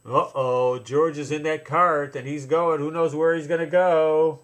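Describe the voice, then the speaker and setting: Slow, high-voiced father reading a picture book. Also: fairly even intonation, a bit bright. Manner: playful, slow and drawn-out, stops to point things out. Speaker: parent reading to his children.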